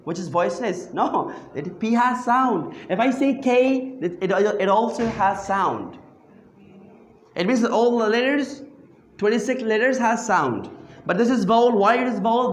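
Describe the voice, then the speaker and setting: In an echoey room, a man with a high voice runs a classroom grammar lesson. He repeats phrases and questions the class, prompting them to answer back.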